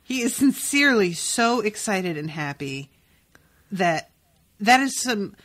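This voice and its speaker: A woman hosting a podcast in casual chat, animated and profane, laughing often. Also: medium pitch, slow pace. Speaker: podcast host.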